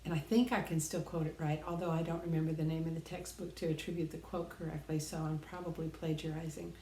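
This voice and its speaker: A woman's voice: low-pitched, little pitch movement, fast, warm tone, roomy sound, slight background noise. A middle-aged woman giving an earnest, reflective personal talk, sharing life lessons and pressing her points with emphatic repetition.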